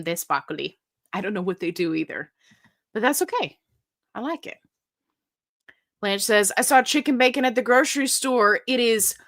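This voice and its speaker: Chatty woman hosting a live Q&A. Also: medium pitch. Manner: chatty and animated, reads comments aloud, breaks into silly sung bits. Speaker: livestream host answering viewer questions. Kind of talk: casual live Q&A chat.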